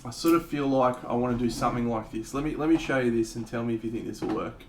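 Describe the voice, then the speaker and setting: A man's voice: medium pitch, fast talker. A young man chatting casually to viewers on a live stream while he paints, swearing now and then. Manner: relaxed, swears, chats with viewers, bursts into sung lines and silly voices. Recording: voice a bit off-mic with faint background hum.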